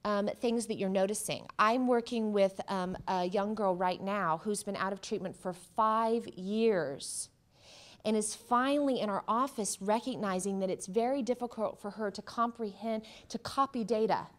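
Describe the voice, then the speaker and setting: A woman with a mid-range voice gives a workshop talk as a psychotherapist. She speaks conversationally and puts questions to the audience. She animates her delivery by acting out the things people say. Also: normal speed. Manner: animated, acting out quoted remarks with jumps in pitch and loudness. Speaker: cancer psychotherapist.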